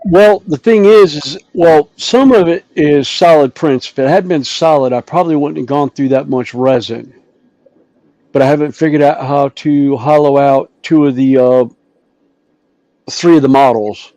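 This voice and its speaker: A man's voice: mid-range voice, unhurried, mellow, dry recording, poor audio. A man chatting casually about his hobby, easygoing and rambling with fillers. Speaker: hobbyist streamer. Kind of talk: casual chat.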